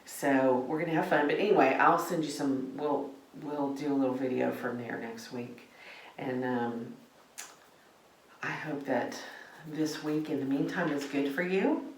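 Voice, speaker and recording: Gardening as she vlogs about faith, a low-voiced middle-aged woman talks at a measured pace, meandering gently and filling her speech with fillers. The mic sits at a distance in a spacious room, catching faint ambience and slight background noise.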